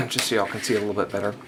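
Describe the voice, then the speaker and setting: Man, crafting tutorial host, casual and thinking aloud, gravelly voice, noisy recording. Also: lowish voice, very animated, fast. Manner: casual, thinking aloud, frequent okays and restarts. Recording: audible background noise.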